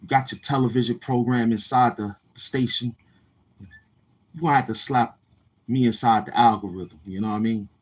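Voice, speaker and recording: A man telling casual stories in a slangy, rambling way, often repeating himself and acting out other people in a higher voice. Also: fairly even intonation, moderate pace. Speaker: YouTuber. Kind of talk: casual street-talk storytelling.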